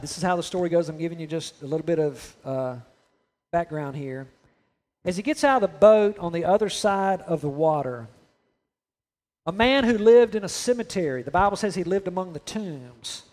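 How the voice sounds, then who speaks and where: High-voiced man preaching a lively sermon. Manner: conversational, asks the congregation questions, acts out imagined voices. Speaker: pastor.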